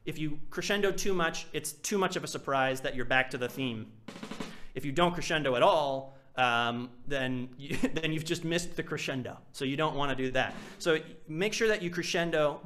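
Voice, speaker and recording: A man's voice: mid-range voice, normal speed, a little hiss or hum. A man teaching percussion in a live class, explaining technique casually and singing out rhythms as syllables. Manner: animated, vocalizes drum rhythms with syllables. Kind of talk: live online masterclass.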